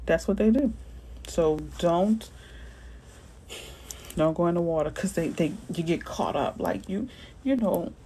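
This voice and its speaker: A woman realtor from Florida chatting casually with viewers on a livestream, animated and slangy, answering their comments as they come in. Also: fairly low pitch, unhurried, pauses often, slight background noise, poor audio.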